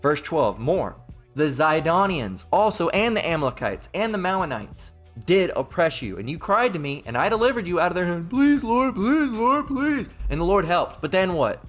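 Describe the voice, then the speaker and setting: A man's voice: on the high side, big pitch swings, normal speed, fairly bright tone, soft background music. A man with a Southern US accent preaching an informal Bible teaching sermon. He reads scripture, then breaks into heated, profane, repetitive rants.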